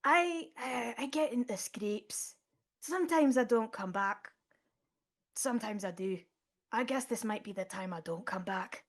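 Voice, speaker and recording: A woman's voice: on the high side, unhurried. A woman voicing a flustered, forgetful older male professor, crude and rambling, in a shaky put-on British Isles accent. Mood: resigned. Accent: put-on British Isles accent, by own admission poorly done. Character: muddled older male professor, freshly dead.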